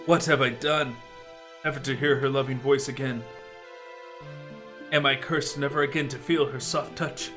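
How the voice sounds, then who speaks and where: A man's voice: mid-range voice, fairly even intonation, normal speed, long pauses, sharp tone, faint music behind, lightly acted. A man voicing a vengeful, heartsick young hero in a stage play, declaiming melodramatically in archaic speech.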